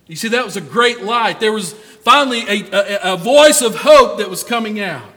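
A man's voice: high voice, expressive, moderate pace, a bit bright, in a large hall. A man preaching a sermon in a folksy way, calling out to members of the congregation by name.

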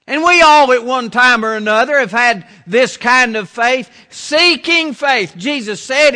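A man preaching a sermon as pastor, slow and deliberate, repeating his phrases. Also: extremely high pitch, bright, forceful tone, in a large hall.

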